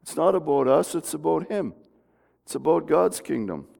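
A man preaches a homey, conversational sermon, stumbling and restarting as he goes. His voice is rough and gravelly, sitting a bit high for a man. The sanctuary gives it a long, lingering reverb. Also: expressive, normal speed, darkish tone. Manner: folksy, conversational with frequent restarts. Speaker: pastor. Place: church sanctuary. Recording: long reverb of a church hall.

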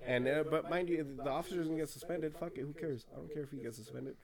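A man's voice: a little high, quick pace, creaky, a crowd in the background. A man hosting a casual podcast chat, profane and rambling, laughing often.

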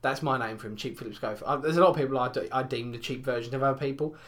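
A young male podcast co-host tells rambling, crude stories in casual chat, packed with fillers. His medium-pitched voice is a bit bright and moves very fast.

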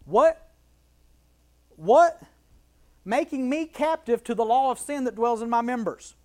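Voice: medium pitch, a little fast, a little mellow. Bible study teacher; emphatic, repetitive delivery, rhetorical questions, walks through a verse line by line. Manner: emphatic, repeats key phrases, asks rhetorical questions.

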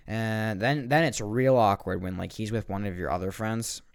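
A man's voice: fairly low pitch, steady tone, moderate pace, gravelly, clean tone, no room sound, studio quality. A young man hosting a podcast, telling a comic rant full of swearing, rambling and restarts. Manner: profane, rambling, restarts often. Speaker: podcast host. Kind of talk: comedic rant.

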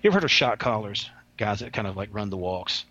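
A man's voice: lowish voice, animated, fast talker, a bit bright, no room sound, dull audio. A man who used to work as a prison officer, telling stories in a rambling, folksy way with many restarts and some slang. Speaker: former prison officer, guest. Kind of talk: casual podcast storytelling.

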